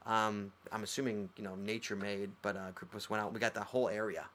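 A man co-hosting a casual chat show, rambling excitedly with lots of fillers and restarts. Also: fairly low pitch, quick pace. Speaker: podcast co-host. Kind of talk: casual chat, listing favorite geocaches.

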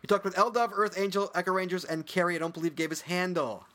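A man with a slightly higher voice co-hosts a casual podcast, reading listener entries aloud. He jokes and laughs often, with an easy, teasing delivery. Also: steady tone, fast, fairly bright tone. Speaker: podcast co-host.

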